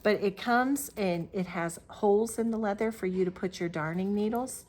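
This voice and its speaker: A woman's voice: mid-range voice, moderate pace, a little mellow. A middle-aged woman hosting a crafting video, talking casually and rambling with lots of fillers and restarts. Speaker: Flosstube host. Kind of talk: casual show-and-tell vlog.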